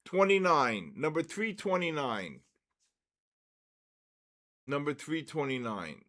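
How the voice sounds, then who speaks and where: A man hosts a trading live stream and calls out giveaway winners. He stretches each number out and repeats it. His voice sits a little high and swings widely in pitch. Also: big pitch swings, fairly bright tone. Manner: drawn-out, repetitive number calling.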